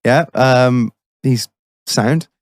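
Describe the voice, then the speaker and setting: A man's voice: mid-range voice, very slow, no room sound. A man co-hosting a podcast, telling a long sweary anecdote in casual chat. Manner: animated, swearing anecdotes with put-on voices. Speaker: podcast co-host.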